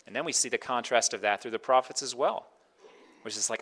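A man's voice: mid-range voice, a little fast, fairly bright tone. A man preaching a sermon in a conversational way, often slipping into quoted voices to make his point. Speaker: pastor.

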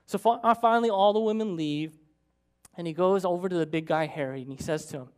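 A preacher telling a story in a sermon, with animated, dramatic storytelling. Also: medium pitch, fast talker, clear, resonant tone.

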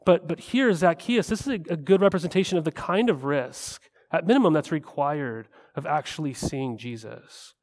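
A man's voice: a little high, normal speed, hardly any pauses, a little mellow, in a large hall. A man preaching a sermon as a pastor, talking in a conversational way and often tossing in rhetorical "right?" asides.

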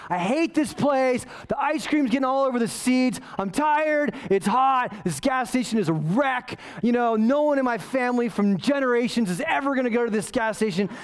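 A pastor telling a self-mocking story in a sermon, animated and often asking "right?". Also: male voice, extremely high pitch, normal speed, few pauses. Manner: self-mocking, waves arms while talking.

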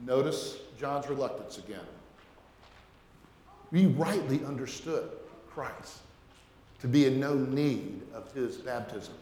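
Emphatic male preacher in an echoing hall. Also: medium pitch. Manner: emphatic, questioning, repeats words. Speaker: pastor. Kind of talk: sermon. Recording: echoey hall.

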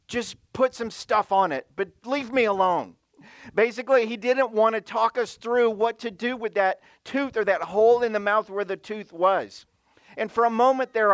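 High-voiced pastor, storytelling sermon. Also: male voice, fairly bright tone, no room sound. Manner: storytelling, asks the audience questions.

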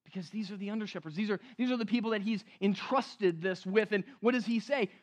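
A man preaching a sermon as pastor, earnest, slowing down to stress key phrases, rising to emphasis and dropping to a hush. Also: high-pitched. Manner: earnest, rises to emphatic then drops to hushed.

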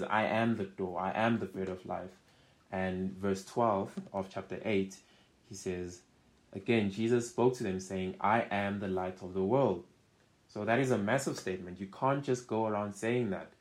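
A man teaching a Bible study, reading scripture aloud with rising emphasis and often checking in with "right?". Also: lowish voice. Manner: conversational, keeps checking in with "right?".

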